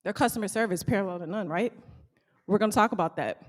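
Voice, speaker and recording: A woman who owns a small bakery gives a motivational talk to a live audience, animated and calling out questions to the crowd. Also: mid-range voice, quick pace. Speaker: small bakery owner speaking to fellow business owners.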